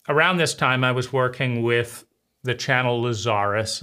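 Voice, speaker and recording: Man, personal testimony monologue; bitter, intense, halting delivery with restarts. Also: medium pitch, a bit bright. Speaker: trauma survivor speaking to camera.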